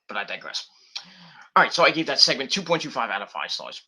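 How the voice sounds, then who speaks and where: Sharp-toned rambling male streamer. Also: mid-range voice, sing-song, fast. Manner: rambling, profane, heavy with fillers and restarts. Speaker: wrestling show reviewer and streamer. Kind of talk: casual live-stream commentary.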